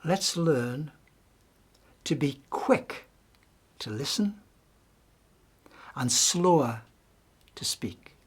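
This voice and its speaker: A middle-aged man with a Geordie accent giving a gentle, reflective devotional talk, often restarting his sentences. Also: fairly high pitch, animated, very slow, long pauses, husky. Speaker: speaker giving a weekly message.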